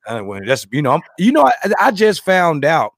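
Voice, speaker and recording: A playful man hosting a podcast, his voice sitting fairly high and swinging widely as he jokes. The sound is dry and close, with no room around it. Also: fairly quick, vocal fry, dry recording. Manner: playful, joking, animated. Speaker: podcast host. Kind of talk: casual chat.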